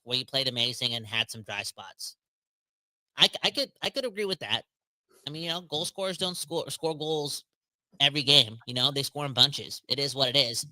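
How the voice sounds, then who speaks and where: Bright, slangy male hockey podcast host. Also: mid-range voice, dry recording. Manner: energetic, slangy, joking. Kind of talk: casual sports podcast chat.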